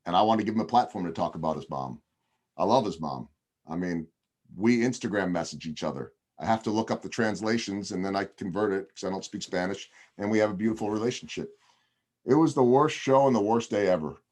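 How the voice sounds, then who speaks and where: A man's voice: fairly low pitch, a little fast, darkish tone. A man, a television broadcaster, telling a long story on a video podcast over a video call, chatty with frequent ums and restarts.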